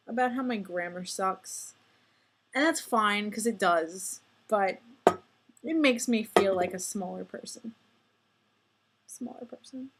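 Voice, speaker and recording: A woman's voice: medium pitch, fairly bright tone. A woman in her twenties talking casually to her viewers in a rambling, self-deprecating vlog monologue. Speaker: vlogger.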